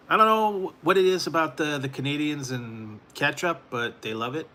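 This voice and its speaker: Streamer host, male, bright tense tone, rambling chatty delivery with frequent chuckles, faint background hum. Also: fairly high pitch, unhurried, long pauses. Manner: rambling, chuckling, talks to chat viewers. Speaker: food reviewer hosting a live stream. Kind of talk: casual late-night live stream chat.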